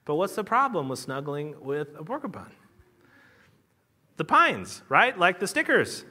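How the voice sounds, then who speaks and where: A man's voice: high voice, pushed and bright. A man preaching a conversational sermon, explaining ideas with casual asides and building emphasis. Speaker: pastor.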